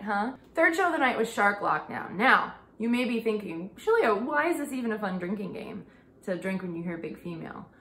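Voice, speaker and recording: A young adult woman talks through a casual comedic recap in a chatty, sarcastic way, with the odd swear word. Her voice sits at an ordinary middle pitch. The recording carries a noticeable room echo. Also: a bit bright. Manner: chatty and sarcastic, swearing, with bursts of laughter and mock quotes. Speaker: podcast host recapping a TV show.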